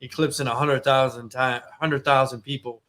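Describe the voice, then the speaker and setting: Bright-voiced man reading news. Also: medium pitch, flat delivery, normal speed, a little hiss or hum. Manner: reads news items aloud, chimes in briefly. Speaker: podcast host. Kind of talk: casual talk show chat.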